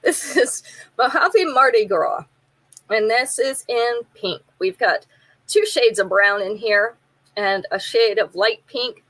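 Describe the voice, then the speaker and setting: Woman, live-sale host, casual chat, detailed item descriptions, playful, slightly high voice. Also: slow pace, a bit bright, low-quality recording. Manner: chatty, describes items in detail, jokes with viewers.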